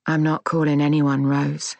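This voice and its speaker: A woman voicing a calm, cold young woman who speaks in a clipped, low, soft voice, sometimes whispering. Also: moderate pace, no echo, close to an everyday voice.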